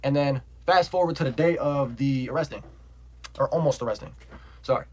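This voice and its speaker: This young man's mid-range voice moves briskly through a casual, profane storytime recorded at low quality. He rambles, leans heavily on "like," and stays animated, laughing along.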